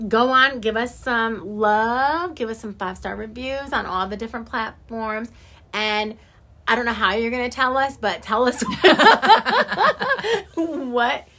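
A woman from Washington state co-hosting a podcast in casual chat, talkative and quick to laugh as she plugs the show. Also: fairly high pitch, animated, sharp tone, a little hiss or hum. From Eastern Washington. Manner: chatty, laughs often, promotes the show. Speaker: podcast co-host.

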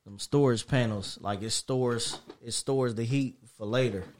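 A man's voice: mid-range voice, a little slow, a little mellow, slight background noise. A young man in a casual group chat who poses questions and jokes around.

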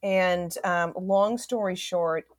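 A young woman co-hosts a podcast, telling stories in a casual chat and laughing often. Her voice sits on the low side, with a steady tone and a slow pace.

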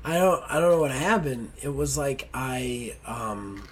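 A man's voice: medium pitch, lively intonation, a little slow, slight background noise. A man hosting a gaming podcast, sounding sick and stuffy, grumpy and blunt, swearing casually. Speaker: podcast host. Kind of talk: casual chat.

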